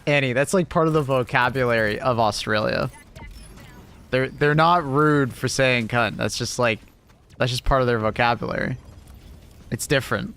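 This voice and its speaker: A British man chats casually with viewers while streaming a game, laughing a lot, reacting to chat and swearing at the game. His mid-range voice moves at a normal speed and sounds a bit bright and clean.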